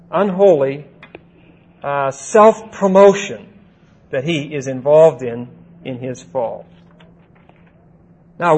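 A man walks his listeners through scripture verse by verse at an unhurried, measured pace. His voice sits a touch high for a man, and he leans on key words and keeps asking "see?" and "okay?" as he goes. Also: a little mellow, low-quality recording. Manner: deliberate, checks in with "see?" and "okay?"; stresses single words by slowing and rising. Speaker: Bible teacher. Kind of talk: verse-by-verse Bible teaching.

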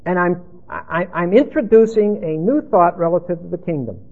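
A man's voice: high voice, normal speed, breathy edge. A man preaching an expository sermon, emphatic and rambling as he teaches, on a tinny phone-like recording.

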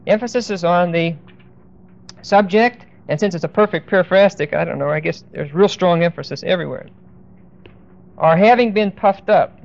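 Man teaching a Bible lesson, deliberate. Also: high voice, creaky. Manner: deliberate, emphatic, pauses to look up verses. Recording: dull lo-fi recording.

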